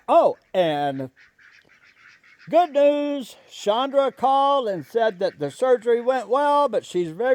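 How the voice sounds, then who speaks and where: Guy with a really high voice, talks slow, gently coaxing his goose, casual chat. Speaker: vlogger and pet goose owner. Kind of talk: casual chat to camera and pets.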